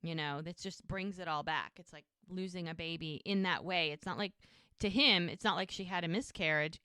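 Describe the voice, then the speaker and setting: A woman co-hosting a podcast casually recaps a show, retelling scenes and acting out the characters' lines in animated voices. Her voice is lowish, clear and resonant at a moderate pace, in a dry, clean studio recording.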